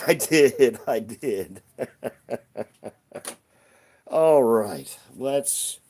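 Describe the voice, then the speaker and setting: Live-stream host, male, playful and chatty with viewers; unhurried delivery with a very lively pitch. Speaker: livestream host. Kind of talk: casual live-stream chat while cleaning toys. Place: room at home by a toy shelf.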